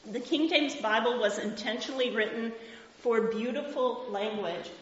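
A woman's voice: a little high, normal speed, a little hiss or hum. A middle-aged woman giving an enthusiastic, emphatic talk to a live audience and reading passages aloud, in an echoey lo-fi hall recording. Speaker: speaker.

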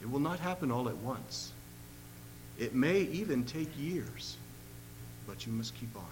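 A man reading the lines of a kind, frank old man who speaks gently and steadily, in a long-echoing hall with a faint hum. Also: medium pitch, expressive, a little slow, natural voice. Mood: gentle.

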